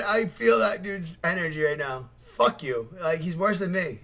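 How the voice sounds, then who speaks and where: A man rants over clips he is reacting to, his voice sitting a little higher than most men's. He talks in loose, rambling bursts, swearing constantly and throwing in mocking asides. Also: expressive, moderate pace, creaky, fairly bright tone. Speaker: reaction video host. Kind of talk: casual profane reaction commentary.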